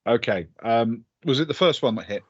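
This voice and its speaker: A man's voice: medium pitch, animated, moderate pace, breathy edge, dry recording, muffled recording. A man narrating as game master of a tabletop game, chuckling and hesitating with many fillers.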